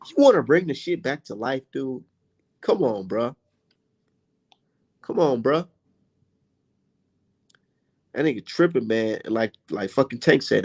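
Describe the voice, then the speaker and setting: A young man vents in a heated, profane livestream rant, blunt and exasperated. His voice swings widely in pitch as he stops to read viewer comments aloud. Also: darkish tone. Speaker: boxing commentator and channel host.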